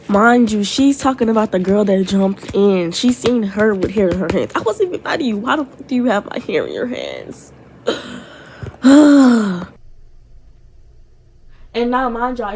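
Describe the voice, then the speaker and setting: A young woman telling a story casually on her vlog, animated and swearing freely, with lots of asides. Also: mid-range voice, far from the mic, low-quality recording. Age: young adult. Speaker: storytime vlogger.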